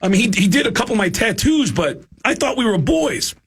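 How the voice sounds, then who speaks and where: A man putting on a touchy, indignant male rock drummer who talks in a high, raised voice. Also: big pitch swings, fairly quick, fairly bright tone, husky, exaggerated voice. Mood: wounded.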